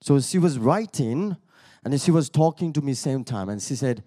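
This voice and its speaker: A man's voice: medium pitch, lively intonation, moderate pace, dark tone. A man preaching a sermon, telling a personal testimony in a loose, conversational way, laughing often, then rising into emphatic calls to the listeners. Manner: conversational storytelling that builds to emphatic exhortation; laughs often between sentences.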